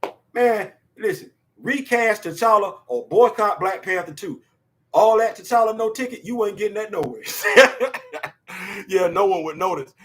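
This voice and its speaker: Excitable high-voiced man talking pop culture. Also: moderate pace. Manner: excitable, shouts and laughs, slangy asides. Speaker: host. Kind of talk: animated casual pop-culture commentary.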